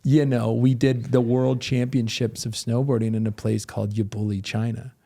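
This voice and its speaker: A man's voice: mid-range voice, little pitch movement, moderate pace, gravelly, mellow. A man in his thirties, a former pro athlete, telling stories in a casual interview with many fillers and restarts. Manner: loose, rambling storytelling with many fillers.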